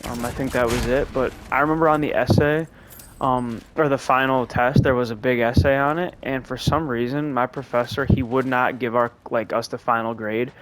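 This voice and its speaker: A man's voice: mid-range voice, steady tone, normal speed. A young man casually commenting while playing a game, telling rambling, profane stories in a laid-back way. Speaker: gameplay commentator. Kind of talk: casual gameplay commentary with storytelling. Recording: noisy background.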